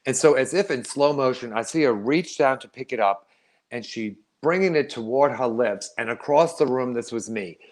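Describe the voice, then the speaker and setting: A middle-aged man performing a wry, animated storytelling monologue, laughing often. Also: mid-range voice, moderate pace.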